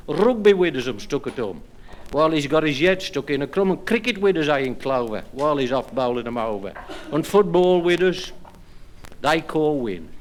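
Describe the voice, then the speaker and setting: A man with a Black Country accent doing stand-up jokes and rhyming monologues in dry, broad dialect to a live audience. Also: fairly high pitch. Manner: dry storytelling in broad dialect, slows for rhymed verses. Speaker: stand-up comedian and monologue performer. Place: live club or pub stage with audience.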